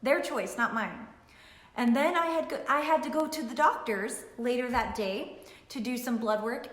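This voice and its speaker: A middle-aged woman, a nutritionist, telling an emotional personal story to camera in an animated way, repeating phrases for emphasis. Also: fairly high pitch. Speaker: nutritionist and weight-loss coach. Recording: echoey room.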